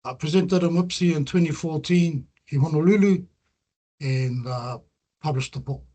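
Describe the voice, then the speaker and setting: A middle-aged man with a New Zealand accent, his voice sitting a little higher than most men's. He presents his research in an earnest, reflective way. He weaves Māori words into his English as he speaks. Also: a little mellow. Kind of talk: presentation talk with slides.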